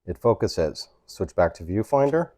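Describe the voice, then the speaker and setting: Very animated, a photography channel host gives a casual camera tutorial from home near a couch, speaking at normal speed in a lowish voice with a dark tone. He explains each step and keeps checking in with the viewer by asking "right?".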